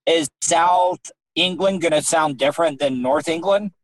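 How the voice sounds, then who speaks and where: Man, podcast host, rambling, repeats words, somewhat high pitch. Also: measured pace, no echo, low-quality recording. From United States. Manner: rambling, stumbling questions. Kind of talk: podcast interview.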